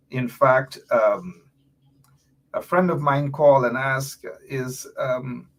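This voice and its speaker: Emphatic husky man rallying listeners. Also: mid-range voice. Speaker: host. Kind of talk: live online political commentary.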